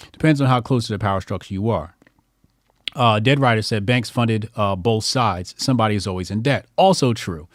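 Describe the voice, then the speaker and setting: Low-voiced man rambling on a livestream. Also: no room sound, clean studio sound. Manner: rambling, many fillers and restarts. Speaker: livestream host. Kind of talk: casual livestream commentary, reading viewer chat.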